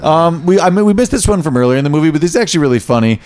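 A man's voice: on the high side, very fast, clear, resonant tone. A man co-hosting a casual podcast about a movie, quoting lines from it. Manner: animated, quotes lines in put-on voices. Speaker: podcast co-host.

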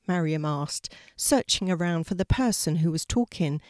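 An older woman reading a children's story aloud in a calm, clear way. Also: on the low side, normal speed, dry recording, clean studio sound.

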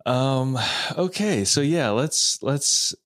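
A man's voice: medium pitch, lively intonation, takes it slowly, fairly bright tone, no room sound, studio quality. A man co-hosting a podcast in casual chat, laid-back and a little hesitant, laughing often. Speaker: podcast co-host.

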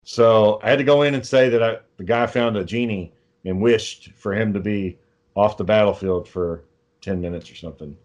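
A man's voice: on the low side, moderate pace, a little mellow. A man, telling rambling, profane stories in a casual chat. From Texas. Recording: dull lo-fi sound.

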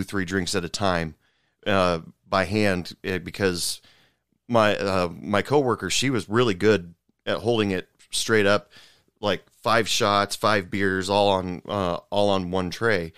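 A man's voice: deep voice, fairly bright tone, smooth, no echo, studio quality. A man co-hosting a podcast, telling stories in casual chat with many fillers and restarts. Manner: rambling, many fillers and restarts, laughs often. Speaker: podcast co-host, former server.

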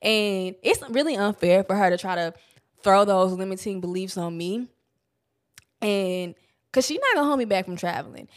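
A young woman, talking casually and candidly about self-help to her viewers, swearing freely and getting animated. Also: mid-range voice. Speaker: vlogger.

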